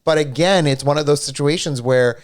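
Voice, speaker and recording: A young man co-hosting a casual gaming livestream, animated and playfully argumentative. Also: on the high side, brisk. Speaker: livestream co-host. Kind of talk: casual gaming stream chat.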